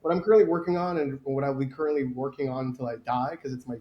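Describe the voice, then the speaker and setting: A man's voice: mid-range voice, steady tone, racing, dull audio. A man appearing as a podcast guest, chatting casually and thanking the hosts with gratitude. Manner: grateful, warm-spoken, plugs his project. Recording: echoey room.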